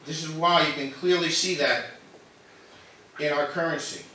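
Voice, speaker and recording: A man's voice: on the high side, moderate pace, pushed and bright, slight background noise. A man giving a formal, earnest public statement at a meeting, nervous and emotional as he defends himself. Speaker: resident speaking at public comment. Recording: echoey hall from far off.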